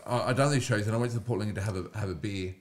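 A man's voice: on the low side, very fast. A young Australian man on a podcast, a comedian telling casual stories and acting out the people in them. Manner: animated storyteller who acts out quoted voices. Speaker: comedian and mental health speaker.

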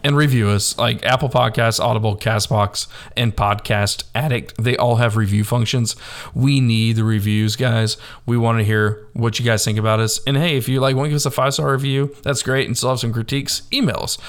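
A man's voice: medium pitch, steady tone, brisk. A man co-hosting a casual podcast, joking and upbeat as he urges listeners to leave reviews. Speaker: podcast co-host.

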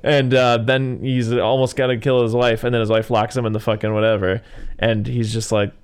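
A man's voice: medium pitch, little pitch movement, brisk, clear, resonant tone. A man in casual conversation recapping a movie, rambling with fillers and casual swearing. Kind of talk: casual film discussion.

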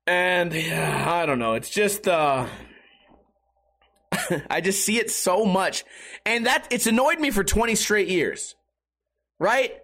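A man's voice: high voice, a bit bright. A middle-aged man hosting a podcast and ranting casually, profane and sarcastic. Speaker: podcast host.

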